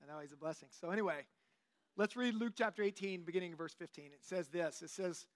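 A man in his late forties giving a relaxed, joking sermon to a church group in a conversational way, with plenty of fillers. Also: high-pitched, fast talker. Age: 40s. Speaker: lay teacher. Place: church meeting room.

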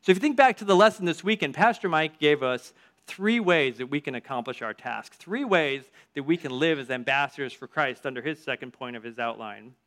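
A man preaches an energetic sermon to a church group, his voice sitting a little high. He shifts between earnest appeals and casual storytelling asides, leaning hard on key words.

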